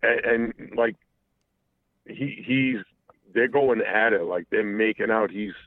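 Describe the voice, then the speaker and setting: Over a tinny phone line, a male caller to a talk show tells a candid personal story, rambling with restarts and profanity. His voice is on the low side and slow, with no room sound.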